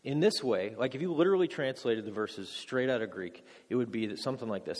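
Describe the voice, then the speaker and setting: A man's voice: medium pitch, animated, fairly quick, hardly any pauses. A man, a married father, preaching a teaching sermon to a congregation, quizzing them with questions and joking about himself. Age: adult. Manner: joking, self-deprecating, quizzes the audience. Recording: long echo of a large hall.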